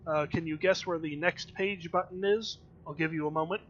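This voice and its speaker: A man's voice: a little high, steady tone, moderate pace, fairly bright tone, highs cut off, slight background noise. A man talking through a video game as he plays, chatty and wry, with lots of ums and uhs. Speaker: streamer. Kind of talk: let's play commentary.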